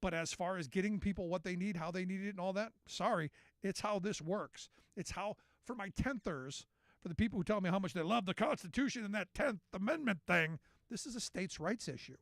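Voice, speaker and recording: Guy hosting talk radio, kinda high voice, sarcastic and fired up, dry studio sound. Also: fairly quick, no echo. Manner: sarcastic, animated, indignant. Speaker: radio talk show host. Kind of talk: political commentary monologue.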